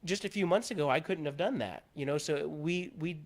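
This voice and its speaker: Speaking a little fast in a fairly high voice, a man from Pennsylvania shares a personal story as a talk show guest. He's earnest and candid in the conversational interview, getting animated while recounting events.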